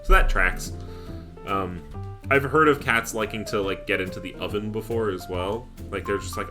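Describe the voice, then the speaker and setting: A young man casting a live esports stream, chatty and quick to laugh as he reads the chat. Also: sits low. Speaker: esports caster. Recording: jazz music playing behind.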